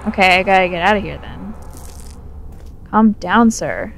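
Slow-talking tipsy young woman gamer. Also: medium pitch, creaky, a bit bright, a little hiss or hum. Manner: chatty, swears, talks to the game character. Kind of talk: casual drunk let's play commentary.

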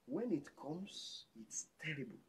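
A man with a Nigerian accent preaching a sermon as pastor, jumping between loud exclamations and hushed lines. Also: fairly high pitch, expressive, unhurried, breathy edge.

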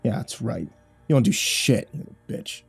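A man's voice: medium pitch, big pitch swings, moderate pace, creaky, slightly rough, soft background music, full character voice. A man voicing an obnoxious young male college jock who taunts and mocks in a storytelling reading. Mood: mocking. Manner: mocking, taunting.

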